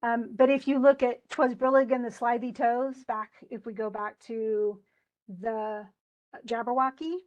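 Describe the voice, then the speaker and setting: A woman's voice: fairly high pitch, flat delivery, measured pace, darkish tone, dull audio. A woman teacher giving a casual, chatty lecture, often restarting and correcting herself as she explains. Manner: chatty, self-correcting, enthusiastic.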